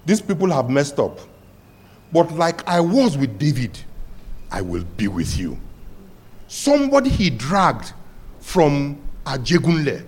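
A man preaching a sermon as pastor, telling stories and rising to loud cries. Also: fairly high pitch, slightly rough.

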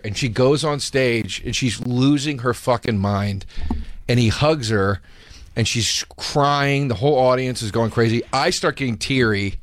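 A man hosting a podcast, telling stories in casual chat with lots of swearing and animated quoting. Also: medium pitch, a little slow. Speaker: podcast host.

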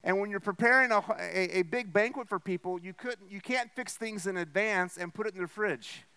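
Man, pastor, sermon, high pitch, smooth resonant voice, conversational explaining. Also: fairly quick, sharp tone. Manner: explains with repeated "okay?" and "right?" checks; acts out the host's lines with a raised voice. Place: church.

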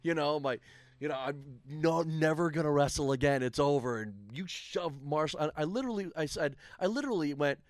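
A man in his forties hosting a casual podcast chat, animated and quick to laugh. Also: on the high side, no echo, studio quality. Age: 40s. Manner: laughs often, animated storytelling. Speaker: podcast host.

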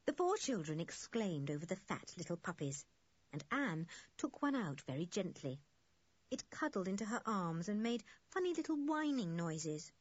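A woman narrating a children's storybook in a gentle, measured way. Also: medium pitch, big pitch swings, no echo. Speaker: audiobook narrator. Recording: dull, lo-fi dry recording.

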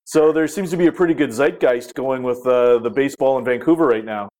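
Laid-back guy hosting a podcast, middle pitch, chatty questions. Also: fairly quick. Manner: relaxed, conversational, lots of fillers. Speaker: podcast host. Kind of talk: interview questions.

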